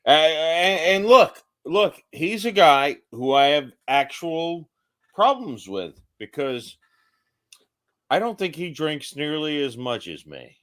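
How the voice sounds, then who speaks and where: A tipsy man co-hosting a podcast, ranting loudly and profanely in casual chat. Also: a little high, takes it slowly. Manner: loud, profane, animated ranting. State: tipsy from drinking. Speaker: podcast co-host.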